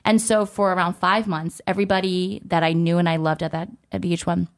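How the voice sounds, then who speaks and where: A woman's voice: fairly low pitch, a little fast. A young woman, an entertainment host, chatting casually as she tells a story about her career. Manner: chatty, animated, acts out quoted voices.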